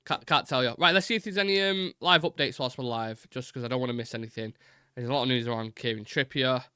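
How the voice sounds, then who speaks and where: A man hosting a live football fan show, fast-talking and rambling with many fillers while reading chat messages. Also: mid-range voice, sharp tone, clear, resonant tone, no echo, clean studio sound.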